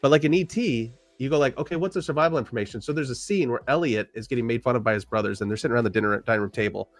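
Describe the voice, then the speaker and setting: Racing along with a medium-pitched voice, this man chats as a guest on a podcast. He's an animated storyteller who curses freely and performs the lines he quotes, with no echo in the recording.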